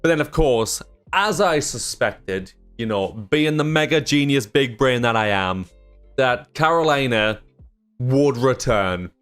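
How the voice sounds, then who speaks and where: A young man hosting a reaction video, talking casually and excitably, swearing freely and laughing. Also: medium pitch, a little slow, faint music behind.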